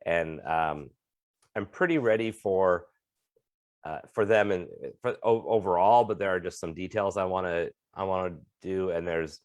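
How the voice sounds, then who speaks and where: Thoughtful guy cohost, kinda low voice, talks it through, dry room. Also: normal speed, a little mellow, no room sound. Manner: earnest, thoughtful, supportive. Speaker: podcast co-host, comedian and motivational speaker. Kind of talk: casual chat.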